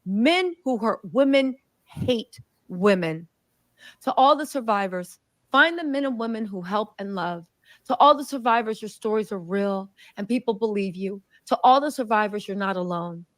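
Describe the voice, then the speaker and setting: A woman's voice: mid-range voice, moderate pace, no room sound. A woman host giving emphatic reaction commentary and reading a statement aloud. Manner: emphatic, preachy.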